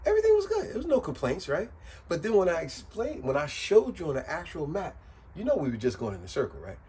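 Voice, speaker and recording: A man explaining things in a casual, joking way, circling back and repeating himself. His voice swings widely in pitch and sits a little high, and it sounds animated. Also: brisk, husky, low-quality recording. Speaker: vlogger.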